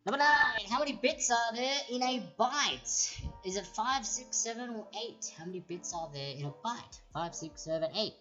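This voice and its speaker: A woman's voice: a little high, lively intonation, normal speed, few pauses, pushed and bright. A woman hosting a live trivia stream, reading out multiple-choice questions twice and wandering into chatty, rambling asides. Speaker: trivia quiz host. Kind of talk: casual livestream chat reading quiz questions. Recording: lo-fi stream audio with background music.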